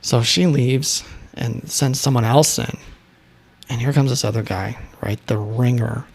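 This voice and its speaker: A man telling a casual, animated anecdote, with quick asides and acted-out quotes. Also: mid-range voice, gravelly, slightly rough. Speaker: storyteller.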